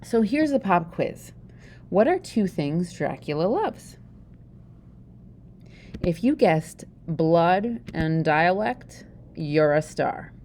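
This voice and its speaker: A woman's voice: lowish voice, big pitch swings, slow, long pauses, a little mellow, slight background noise. A woman with a Pennsylvania Dutch accent giving a chatty, joking lesson and often asking the listener questions. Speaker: teacher. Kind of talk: informal video lesson.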